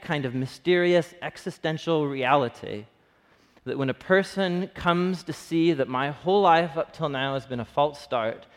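A man giving a conversational sermon, acting out the lines he quotes. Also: a little high. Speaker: pastor. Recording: long hall reverb.

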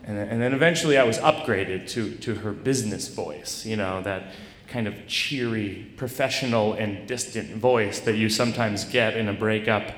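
A man's voice: fairly low pitch, a little hiss or hum. Self-deprecating man telling a story on stage. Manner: rambling, self-deprecating, halting restarts. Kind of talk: live personal storytelling. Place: stage in a large hall. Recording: echoey live hall recording.

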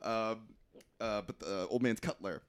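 A man co-hosting a casual movie chat, reacting with quick quips and lots of laughter. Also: fairly low pitch, clean tone. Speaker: podcast co-host.

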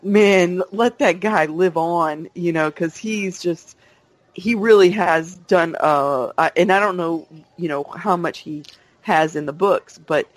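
A man with a notably high voice chats playfully and excitedly, like a devoted fan. His voice is dry and close to the mic. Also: slow, no echo. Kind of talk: casual chat about a TV trailer.

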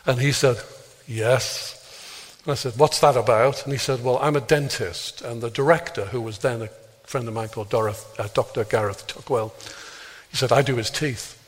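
Animated preacher in a reverberant hall. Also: male voice, normal speed. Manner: animated storyteller acting out dialogue, sudden high exclamations and hushed low asides. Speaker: speaker leading a healing prayer talk. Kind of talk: storytelling sermon. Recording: long reverb of a large hall.

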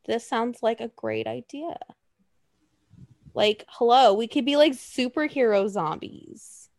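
A woman's voice: on the high side, slow, gravelly, darkish tone, dry recording. A woman co-hosting a casual chat, rambling and joking, swearing freely. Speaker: podcast co-host.

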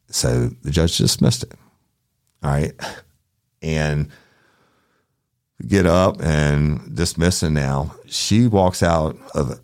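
A man's voice: a bass voice, creaky. A man who works as a police detective, telling a story in a blunt, profane, casual way and acting out the people in it. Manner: profane, blunt, acts out the other people in his stories.

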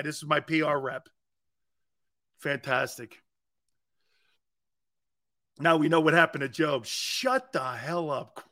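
A man's voice: a little high, slow pace, long pauses, pushed and bright. A middle-aged man hosting a sports talk show, telling brash, joking stories and acting out the quotes. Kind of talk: animated sports radio monologue.

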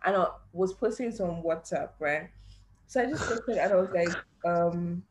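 A young woman hosting a podcast, chatting casually and acting out quotes in an animated way. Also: on the low side, moderate pace, slight background noise. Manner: animated storyteller, acts out quotes, laughs often. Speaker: podcast host. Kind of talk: casual chat.

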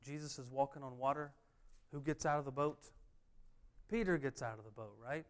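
A man's voice: mid-range voice, moderate pace. A man preaching a sermon, driving points home with emphatic repeated refrains. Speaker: pastor.

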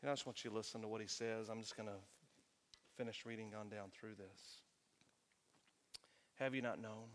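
A middle-aged man preaching a sermon, swinging between hushed, slow passages and loud, emphatic ones. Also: medium pitch, in a large hall. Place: church sanctuary.

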